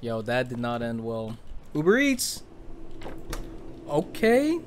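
A young man plays a horror game and narrates it with jumpy, slang-heavy reactions and nervous laughter. His voice swings widely in pitch and leaps up when he is startled. Faint noise and game ambience sit under his voice. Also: huge pitch swings, slow. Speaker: gaming YouTuber.

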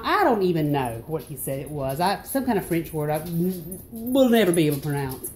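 A woman from North Carolina with a Southern accent, telling a story in a casual vlog and ranting with loud exclamations. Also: brisk, few pauses, a little hiss or hum. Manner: animated, exclamatory, swings into high outbursts. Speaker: vlogger.

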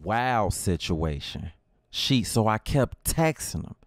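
A man's voice: fairly low pitch, very animated, slow pace, no room sound, clean studio sound. A man with a Chicago accent narrating a comedic first-person story with lots of slang and drama. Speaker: storyteller in a skit video.

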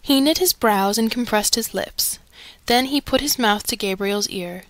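A woman's voice: fairly high pitch, moderate pace, a bit bright, no room sound. A woman narrating a classic novel as an audiobook, reading expressively. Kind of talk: scripted narration.

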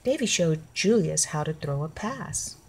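Brief: a woman reading a children's book aloud, low voice, slow and clear. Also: expressive, a little hiss or hum. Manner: clear, deliberate. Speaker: storybook reader.

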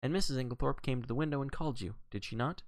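A man reading aloud and voicing a brisk, precise middle-aged male detective questioning a witness. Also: medium pitch, dry recording, voice pushed up, lightly acted. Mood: probing. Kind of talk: audiobook character reading.

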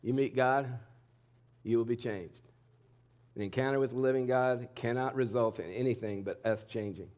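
A man's voice: mid-range voice, moderate pace. Middle-aged man preaching with candid conviction. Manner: conversational, candid preaching that swings between loud and hushed. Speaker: pastor. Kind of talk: sermon. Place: church sanctuary.

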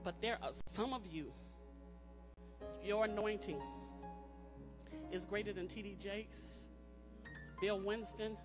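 A woman's voice: medium pitch, slow pace, long pauses, music in the background. A woman preaching an emphatic sermon at a church service, repeating phrases and calling on the congregation to respond. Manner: emphatic, repetitive, call-and-response.

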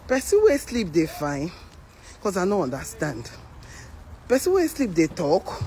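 A Nigerian woman speaking Nigerian Pidgin, telling a story to camera in a lively way and acting out the voices of the people in it. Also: on the low side, unhurried, poor audio. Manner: animated, acts out the voices of others. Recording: outdoor traffic noise behind.

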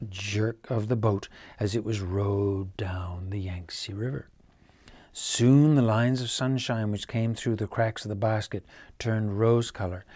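A man reading a children's bedtime story aloud, gentle and dropping to a hush at quiet moments. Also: fairly low pitch, dry recording.

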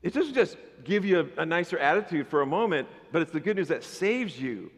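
A man preaching a sermon as pastor, animated and conversational, with playful asides to the congregation. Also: fairly high pitch, fairly quick, long reverb tail. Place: church sanctuary.

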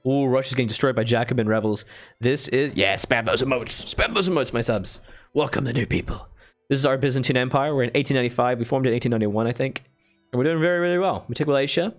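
Faint music plays behind this streamer, whose medium-pitched voice moves at a quick pace. He chats his way through a strategy game, reasoning out loud and breaking into enthusiastic thanks for his viewers.

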